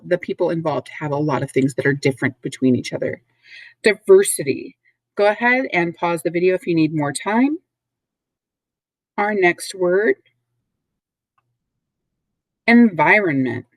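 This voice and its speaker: A woman teaching a recorded vocabulary lesson to third graders, speaking slowly and clearly, with call-and-response prompts. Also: fairly low pitch, no echo, low-quality recording.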